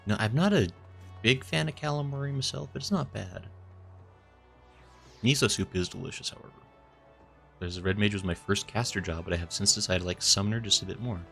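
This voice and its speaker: A man's voice: lowish voice, fairly quick, gravelly, long pauses, fairly bright tone, soft background music. A man streaming a video game, chatting casually and reading viewer comments aloud with an easy, chuckling manner.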